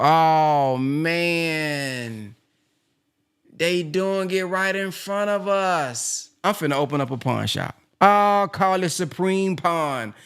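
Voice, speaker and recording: A man hosting a phone-in study call, animated and exclaiming often. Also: on the high side, clean tone. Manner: animated, exclaims often, slips into skits of a pawnbroker. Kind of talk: casual call-in discussion.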